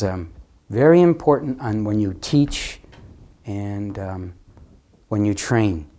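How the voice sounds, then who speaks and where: A man preaching a sermon, animated, swinging between loud emphasis and hushed asides, often repeating words. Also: medium pitch, slight background noise.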